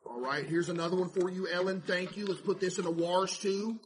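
Excitable high-voiced male streamer. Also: fairly quick, slight background noise. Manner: animated, mock-stressed, talks to chat. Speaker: streamer playing a laundromat game. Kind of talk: casual gameplay commentary to chat.

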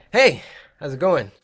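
A man hosting a gaming video in a playful, jokey way, swinging between loud outbursts and mutters. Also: fairly high pitch. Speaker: gaming YouTuber. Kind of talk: energetic gaming vlog intro.

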